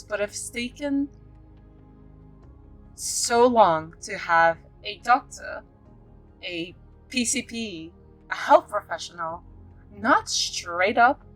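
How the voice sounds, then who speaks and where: A woman's voice: medium pitch, slow, long pauses, faint music behind, rough recording. Chatty woman vlogger from Africa. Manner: chatty, rambling, with sudden excited outbursts. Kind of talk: casual monologue vlog.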